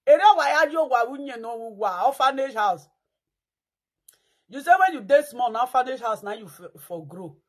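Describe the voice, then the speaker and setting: A woman's voice: on the high side, lively intonation, moderate pace. A woman with a Nigerian Pidgin accent giving dramatic, mocking commentary, breaking into chants and mock cries.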